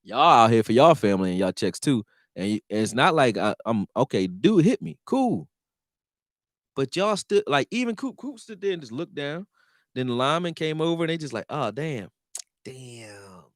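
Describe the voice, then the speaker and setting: Animated, profane male sports streamer. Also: medium pitch, a little fast, dry recording, studio quality. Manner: animated, profane, answers chat. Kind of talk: casual live-stream sports talk.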